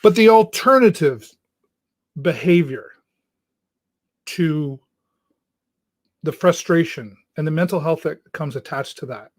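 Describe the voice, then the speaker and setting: A man hosting his own show delivers an earnest, halting monologue straight to viewers and keeps restarting mid-sentence. His voice sits a little high for a man. The sound is dry and close, with almost no room in it. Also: lively intonation, dry recording. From Canada. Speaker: talk show host. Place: church.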